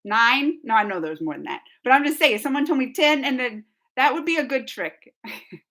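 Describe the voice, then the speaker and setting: A woman with a somewhat high voice chats casually with her live-stream audience. She rambles from thought to thought and leans on "like" as she goes. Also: animated, a little fast, pushed and bright. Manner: chatty and rambling, says "like" a lot. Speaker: live-stream host reading chat. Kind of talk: casual live-chat talk.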